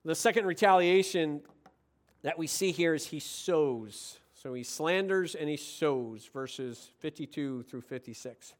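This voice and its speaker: High-voiced, passionate male preacher. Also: unhurried. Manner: passionate, swings from quiet to excited. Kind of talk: sermon.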